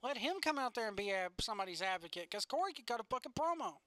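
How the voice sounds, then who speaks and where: A man's voice: extremely high pitch, very animated, fast, sharp tone, dry recording. A man co-hosting a casual podcast, ranting bluntly with plenty of swearing. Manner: blunt, profane, opinionated rants. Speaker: podcast co-host. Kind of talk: casual wrestling chat.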